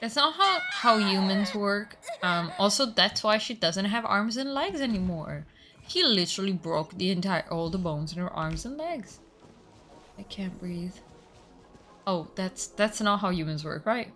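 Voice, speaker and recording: A woman streamer chatting casually with her viewers, talkative, swearing freely and reacting loudly. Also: mid-range voice, animated, normal speed, faint music behind. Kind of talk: casual live-stream chat.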